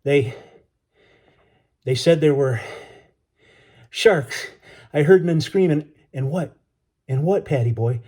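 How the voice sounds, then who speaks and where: A man's voice: fairly high pitch, moderate pace, dark tone, breathy edge, voice pushed up. A man voicing a frightened young boy who stammers in panic.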